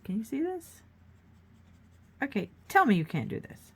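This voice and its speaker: A woman's voice: on the high side, huge pitch swings, moderate pace, long pauses, slight background noise. A woman hosting a casual painting demonstration, chatting and encouraging viewers while she works. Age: adult, grown child of a mother who paints. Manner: chatty, encouraging, thinking aloud while working. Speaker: art tutorial host.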